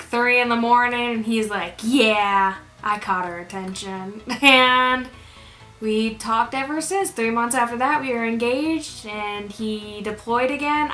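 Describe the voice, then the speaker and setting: A woman's voice: on the high side, pushed and bright. Chatty young woman vlogging in an echoey room. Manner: chatty, rambling, with fillers and self-corrections. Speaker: beauty YouTuber. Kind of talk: casual Q&A vlog. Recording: echoey room with music behind.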